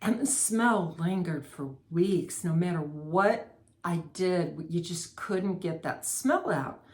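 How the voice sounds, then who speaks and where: A middle-aged woman chatting through a candle review, reading scent notes and telling a long personal story in an unhurried, savoring way. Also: lowish voice. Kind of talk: casual product review and storytelling.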